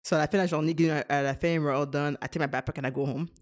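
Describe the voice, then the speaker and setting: A woman's voice: low-pitched, fairly even intonation, very fast. A young woman, co-hosting a casual podcast chat, giggling often and switching between English and French. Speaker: podcast co-host.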